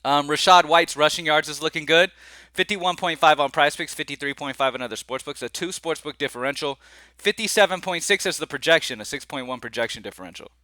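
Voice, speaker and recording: Bright-voiced chatty man with a lilt. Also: fairly high pitch, fairly quick, dry recording. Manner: laid-back, chatty, rambling with fillers and y'all. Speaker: sports betting picks host. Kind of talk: casual vlog-style talk to camera.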